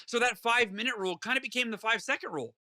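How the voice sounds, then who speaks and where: A guest author being interviewed talks in a very high, sharp voice at a rapid-fire clip. The conversation is casual, and he speaks earnestly, acting out his own inner voice while telling a story.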